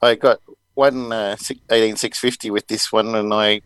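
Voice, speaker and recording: A man's voice: on the low side, level tone, normal speed, a bit bright, clean tone, dry recording, poor audio. A man hosting a podcast, chatting casually and rambling with many fillers. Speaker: podcast host. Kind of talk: casual chat.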